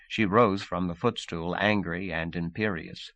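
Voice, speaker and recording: A man with a low voice reads an audiobook in a calm, measured way. The sound is close and dry, with no room echo. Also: highs cut off. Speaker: audiobook narrator. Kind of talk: audiobook narration.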